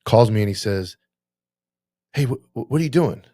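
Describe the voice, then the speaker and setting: Man, podcast host and cop, animated, swearing, acts out conversations, dry close sound. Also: mid-range voice, normal speed, no room sound. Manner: animated, swearing, acting out phone calls. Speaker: podcast host, police officer. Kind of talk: casual interview chat.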